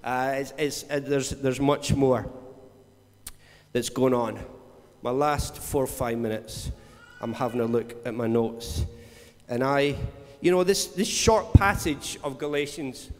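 A man's voice: mid-range voice, unhurried, a little mellow. A man preaching a conversational sermon, telling stories and acting out voices. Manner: storytelling, acts out voices and laughs between lines. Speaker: pastor. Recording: long hall reverb.

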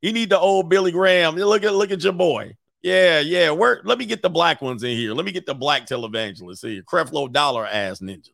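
Gravelly, joking man hosting. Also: a little high, expressive, a little fast, hardly any pauses, fairly bright tone, no room sound, studio quality. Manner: profane, joking, laughs often. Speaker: host. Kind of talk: casual commentary.

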